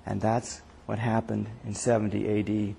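A man's voice: fairly low pitch, level tone, normal speed, creaky, mellow, long reverb tail, slight background noise. A man preaching a sermon in a rambling, conversational way, often asking the audience questions.

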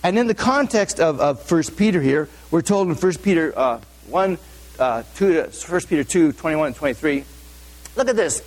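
Man preaching with a higher voice. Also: expressive, normal speed, a little mellow. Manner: asks the audience frequent questions; informal, with many fillers and restarts. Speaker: pastor. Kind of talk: conversational sermon.

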